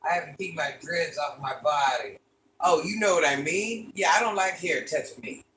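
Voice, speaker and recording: A woman's voice: deep voice, normal speed, a bit bright, slight background noise. An older woman hosting a casual live stream, chatting with viewers and repeating requests to like and subscribe. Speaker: livestream host. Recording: echoey room, voice from far off.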